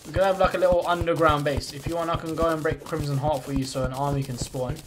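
A man's voice: a little high, fairly even intonation, quick pace, noisy background. A man live-streaming a game in casual chat, thinking aloud and greeting and thanking viewers as he plays.

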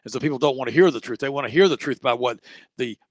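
A man's voice: medium pitch, rapid-fire, dry recording. A man speaking as a guest on a talk show, preachy and quoting scripture. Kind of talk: casual chat.

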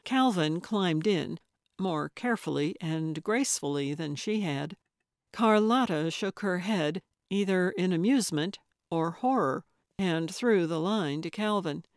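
A woman reads a cozy mystery audiobook at a slow, unhurried pace, measured and even. The studio recording is dry and close, with no room sound at all. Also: on the low side, no echo. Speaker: audiobook narrator. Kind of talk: scripted audiobook narration.

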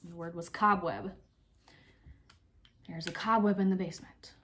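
A young woman teacher giving slow, clear, step-by-step instructions in a phonics lesson for young children. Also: lowish voice, fairly even intonation, fairly bright tone, a little hiss or hum.

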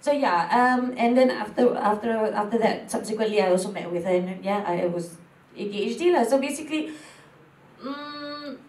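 A woman's voice: on the high side, lively intonation, moderate pace, a little mellow, reverberant, far from the mic, poor audio. A Malaysian woman talking candidly as a guest, moving between English and Malay. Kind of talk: casual talk show chat.

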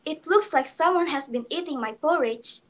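A woman's voice: high-pitched, expressive, normal speed, a bit bright, pitched above the performer's own voice. A young woman with an Indonesian accent voicing a big, grumpy papa bear in a children's story, in a voice close to her own. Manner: growling complaint.

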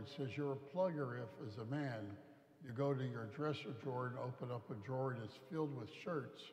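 Folksy priest preaching in an echoey church. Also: male voice, medium pitch, darkish tone. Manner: folksy storytelling, acts out quoted voices. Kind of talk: homily. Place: large church.

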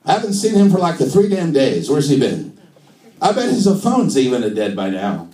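A man's voice: mid-range voice, very animated, moderate pace, mellow, reverberant, distant mic, lightly acted. A comedian playing Judas as a fretful man in a put-on Italian accent and broken English. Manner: worried, then relieved, broken English.

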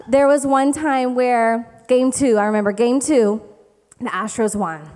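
A woman's voice: a little high, a little slow. Chatty young woman preaching in a hall. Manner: chatty, animated, keeps asking "okay?". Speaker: young adults pastor. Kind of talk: humorous sermon storytelling. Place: church hall. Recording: reverberant hall.

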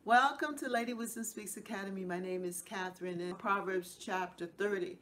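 A woman's voice: medium pitch, fairly even intonation, normal speed, music in the background. A middle-aged woman hosting a devotional Bible teaching show, speaking in an earnest, repetitive preaching cadence.

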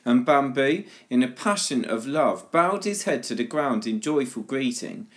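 Brief: man of medium pitch, measured church storyteller reading a parable. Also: lively intonation. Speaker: prayer leader at a church children's service.

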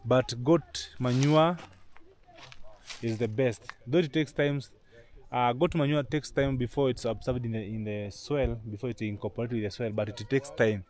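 A man's voice: medium pitch, normal speed, darkish tone. Man narrating a village walk outdoors. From Kenya. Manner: explanatory, guiding viewers, repeats himself. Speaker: travel vlogger. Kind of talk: walking vlog narration. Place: outdoors on a rural hillside. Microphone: action camera.

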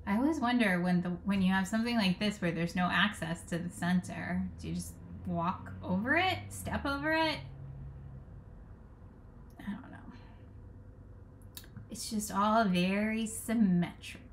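A woman's voice: mid-range voice, normal speed, a little hiss or hum. A woman talking through garden design ideas as a vlogger, thinking aloud with frank opinions and frequent restarts. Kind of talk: casual rambling commentary.

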